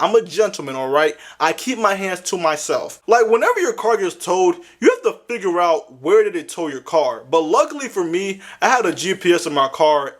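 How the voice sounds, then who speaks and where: A young man telling a comedic story with lots of slang, sounding exasperated. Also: high voice. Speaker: animated storyteller.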